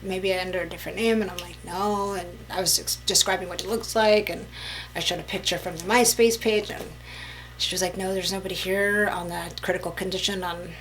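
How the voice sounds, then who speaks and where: A woman telling a personal story to camera in a casual storytime vlog, chatty and animated, full of "like" and "you know". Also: on the low side, a little fast, a little hiss or hum, rough recording. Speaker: vlogger.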